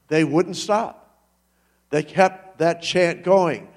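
A man preaching a sermon in a church, telling a story with animated delivery and sudden loud rises. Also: a little high, slow pace. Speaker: pastor.

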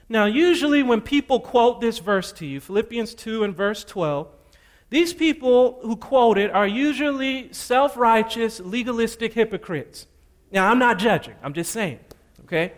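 A high-pitched man delivers a sermon from a church pulpit. He repeats his scripture references with emphasis and drops playful asides to the congregation. His voice rises into animated, urgent stretches as he presses his points. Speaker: preacher. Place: church sanctuary.

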